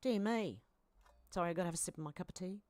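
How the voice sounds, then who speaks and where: A woman's voice: lowish voice, fast, a little mellow, no echo. Chatty Australian woman live-streaming. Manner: chatty, reacts aloud, with asides and fillers. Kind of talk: casual live commentary reading posts and comments.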